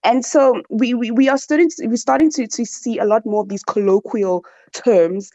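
A woman's voice: on the high side, moderate pace, dark tone, dry recording, lo-fi sound. A woman with a South African accent, a social and political commentator in a radio discussion, who often repeats words while she searches for her point.

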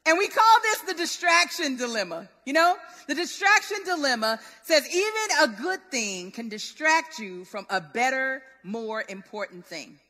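Lively bright woman preacher. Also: sits high, moderate pace, few pauses. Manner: lively, conversational, relatable. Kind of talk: sermon. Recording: long hall reverb.

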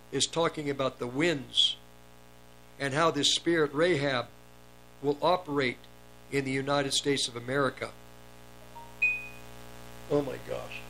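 A man's voice: a little high, fairly bright tone, slight background noise, poor audio. A man preaching a sermon, reading scripture aloud and explaining it, lifting his voice on the quoted commands. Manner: reads verses then comments, raises voice on commands.

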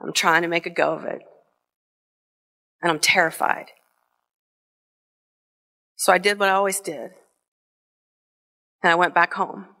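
A middle-aged woman from Northwest Ohio telling a personal story on stage, slow and deliberate with emotional pauses. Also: on the low side, steady tone, sharp tone. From Northwest Ohio, USA. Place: theater stage before an audience.

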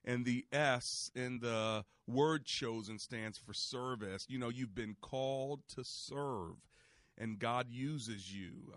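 A man's voice: mid-range voice, a little slow, a bit bright, no echo. Male host of a call-in ministry show, preacherly and encouraging, recorded dry and close. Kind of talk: radio ministry talk with callers.

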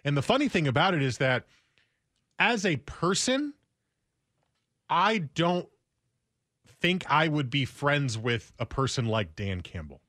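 A man's voice: fairly high pitch, sing-song, a little slow, long pauses, a bit bright, dry recording, clean studio sound. A man hosting a sports radio show, talking casually and rambling through thoughts with restarts.

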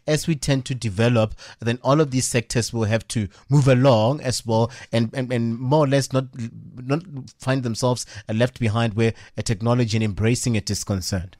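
A man's voice: mid-range voice, steady tone, normal speed, few pauses, a little mellow, no room sound, studio quality. A man, hosting an interview and asking long, rambling questions with many "uh" fillers. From South Africa. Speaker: host. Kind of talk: conversational interview.

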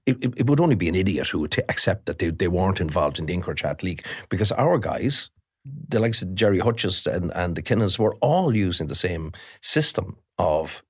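Irish man, middle-aged, very low voice, emphatic, many restarts. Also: a little fast, slightly rough. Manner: animated, emphatic with frequent restarts. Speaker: crime journalist guest. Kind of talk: podcast interview.

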